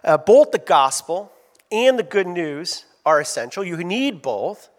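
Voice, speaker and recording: Pastor, male, high voice, lively sermon delivery, reverberant church hall. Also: measured pace. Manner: animated, asks the congregation to call out answers. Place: church sanctuary.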